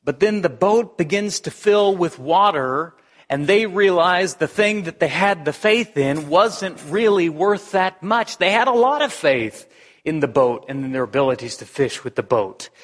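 A pastor with a high, expressive voice preaches at a measured pace, keeping the sermon conversational while restarting phrases and firing off rhetorical questions. Long hall reverb colors the recording.

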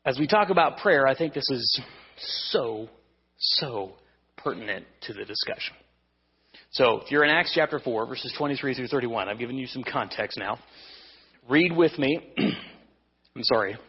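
Male pastor, casual conversational preaching, husky voice, lo-fi hall recording. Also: medium pitch, expressive, normal speed. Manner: conversational preaching with restarts and humor. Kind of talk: evening sermon.

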